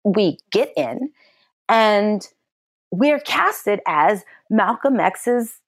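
A middle-aged actress telling a personal story in an interview, animated and acting out what people said in a high, excited voice. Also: female voice, very slow, vocal fry, dry recording, studio quality. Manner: lively storyteller who acts out quotes in a high excited voice.

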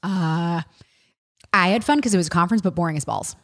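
A woman's voice: on the low side, fairly quick, fairly bright tone. A woman co-hosting a podcast, chatting casually and dropping blunt, jokey quips. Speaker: podcast co-host. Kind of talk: casual chat.

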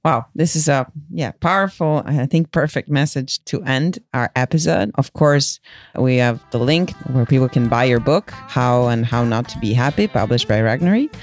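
A man's voice: mid-range voice, no echo. Polite male podcast host, faint music behind. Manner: polite, measured questioning. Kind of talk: interview hosting.

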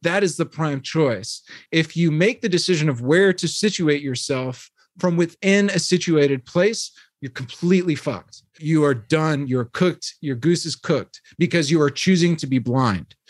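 A man in his thirties talks at length as a podcast guest, his fairly high voice racing through philosophical tangents with plenty of "like" and "you know." The sound is dry and close, with no room echo. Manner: fast, discursive and philosophical, with frequent "like" and "you know". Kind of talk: casual long-form conversation.

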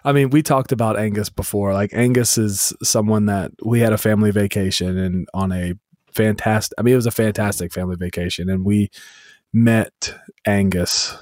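A man co-hosting a podcast, trading dry, teasing remarks and laughing along. His voice sits on the low side. The recording is dry and close. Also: steady tone, moderate pace, a little mellow, no echo. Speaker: podcast co-host. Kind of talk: casual chat.

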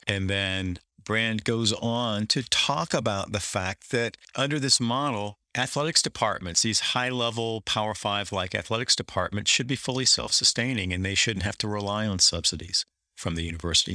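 A man's voice: lowish voice, bright, forceful tone, no room sound, clean studio sound. A man hosting a commentary, reading quoted passages aloud with dramatic emphasis and sardonic, critical remarks between them. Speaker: podcast host.

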